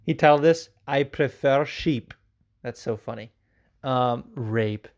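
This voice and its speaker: A man's voice: medium pitch, takes it slowly, a little mellow. Rambling male podcast host. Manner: rambling, laughs often, many fillers. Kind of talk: casual chat.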